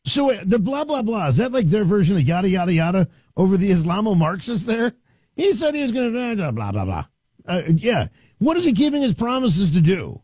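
A man's voice: sits high, big pitch swings, brisk, a little mellow, slightly rough, no echo. A middle-aged man hosting a talk radio show, delivering an opinionated, sarcastic monologue in a conversational way.

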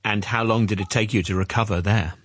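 A man interviewing for a news report, asking short, gentle, prompting questions. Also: fairly low pitch, fairly even intonation, brisk, slightly rough, dry recording.

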